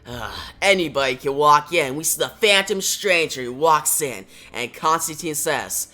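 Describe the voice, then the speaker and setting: A man's voice: fairly high pitch, lively intonation, moderate pace, few pauses, sharp tone. A man reviewing a comic issue, retelling it in a plain play-by-play.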